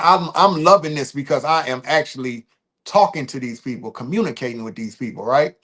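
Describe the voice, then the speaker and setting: A man hosting a casual livestream, talking loosely and repeating himself, pressing hard on points and then trailing off quietly. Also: fairly high pitch. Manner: loose and repetitive, restarting phrases, emphatic then trailing off quietly. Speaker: livestream host.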